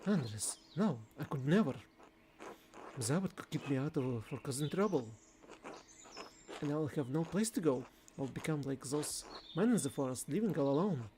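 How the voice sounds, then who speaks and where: A man's voice: on the high side, animated, normal speed, mellow, a little hiss or hum, close to an everyday voice. A man reading the lines of a timid, anxious young monk in a game, fearful and pleading.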